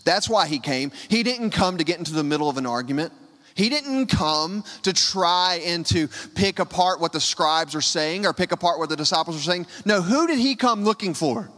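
A man preaching a sermon, his delivery swinging between hushed lows and loud, high cries. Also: in a large hall. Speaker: pastor.

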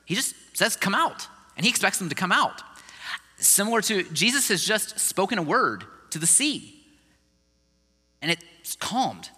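A male pastor preaching with a high, very bright and sharp voice that swings widely up and down. His delivery is conversational and animated. The sound rings with a long reverb, as in a big hall. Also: measured pace, breathy edge. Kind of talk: sermon.

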